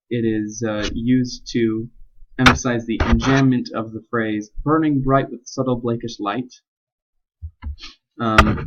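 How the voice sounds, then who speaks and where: A young man presenting a spoken analysis of a poem, halting and full of ums and restarts. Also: medium pitch. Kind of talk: unscripted spoken explication. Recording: dull lo-fi recording.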